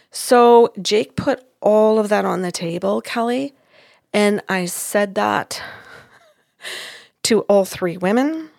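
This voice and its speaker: A woman's voice: mid-range voice, slow pace, creaky, no echo. Woman telling a story, very dry sound. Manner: animated, acts out quotes of others. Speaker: psychic medium. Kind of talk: casual storytelling chat.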